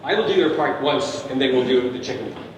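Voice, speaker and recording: A man's voice: mid-range voice, expressive, a little fast. A man leading a family concert, playfully coaching the audience to make animal sounds on cue and imitating them himself. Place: large concert hall. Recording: echoey hall recorded from far off.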